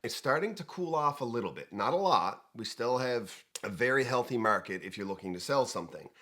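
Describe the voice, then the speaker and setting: A man hosting a real estate talk show, chatting casually with jokes and rambling asides. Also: fairly low pitch. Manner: lively, joking, rambling asides. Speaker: host.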